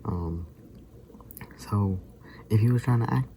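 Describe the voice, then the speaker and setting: Young male vlogger, dark, mellow voice, loose rambling delivery with frequent chuckles. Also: on the low side, slow pace, slight background noise. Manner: rambling, chuckling often, animated retelling. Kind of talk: casual rambling monologue.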